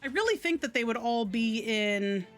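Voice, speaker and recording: A woman's voice: fairly high pitch, lively intonation, normal speed, faint music behind. A woman streaming a video game live, chatting and muttering to herself with a casual, loose delivery.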